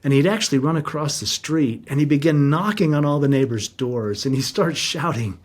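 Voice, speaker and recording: A man's voice: on the high side, moderate pace. A middle-aged man, a guest in an interview, telling a personal story in an earnest, heartfelt, reflective way.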